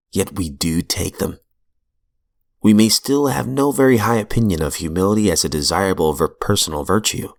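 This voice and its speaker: A man reading aloud from a recovery book in a measured, earnest way, with brief asides, into a close mic in a small room. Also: low voice, vocal fry. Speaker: reader of recovery literature.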